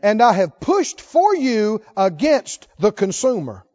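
A man preaching a sermon as pastor, reading scripture and rising to shouted exhortations to the congregation. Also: sits high, wildly swooping pitch, slow pace. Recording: dull lo-fi sermon recording.

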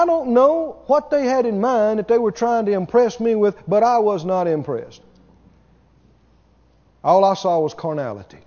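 This pastor's high, dark voice carries an emphatic, repetitive sermon full of repeated key words and rhetorical questions aimed at the congregation. The sound is dull, with long hall reverb.

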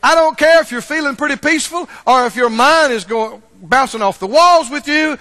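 His pitch is extremely high, his pace normal, his tone pushed and bright as this pastor preaches to a church. Emphatic repetition sparks call-and-response from the congregation, and the hall's reverb trails long.

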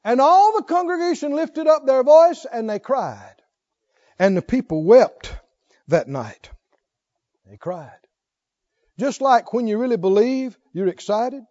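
A man's voice: very high-pitched, big pitch swings, a little slow, long pauses, warm tone, lo-fi sound. A man preaching a sermon, reading scripture aloud and calling questions out to his congregation. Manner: calls out questions to the congregation, reads scripture aloud with rising fervor.

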